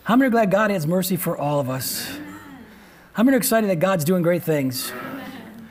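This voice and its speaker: A man's voice: high voice, lively intonation, fairly quick. A man preaching a sermon as pastor in a conversational way, repeating phrases and often asking the congregation questions. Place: church.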